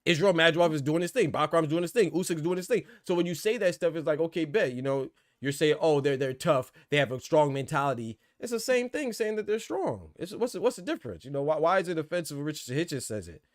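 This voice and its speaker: A man hosting a boxing podcast, talking fast in casual debate and repeating words as he thinks. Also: on the high side, very animated, dry recording, clean studio sound.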